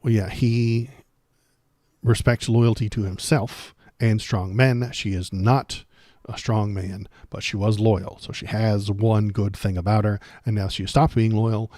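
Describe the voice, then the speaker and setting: A man's voice: on the low side, warm tone, no echo, clean studio sound. A man hosting a casual political livestream, talking sarcastically and rambling with many fillers and restarts.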